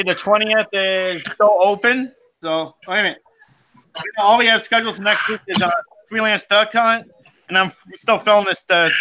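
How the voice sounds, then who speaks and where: A man's voice: high voice, sharp tone, a little hiss or hum, rough recording. A man hosting a casual outdoors live stream, rambling and laughing often as he talks over the video call.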